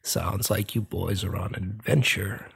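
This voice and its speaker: A man voicing a slow, mysterious older stranger in a fedora, with a deep, raspy, gravelly voice. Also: steady tone, exaggerated voice. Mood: ominous.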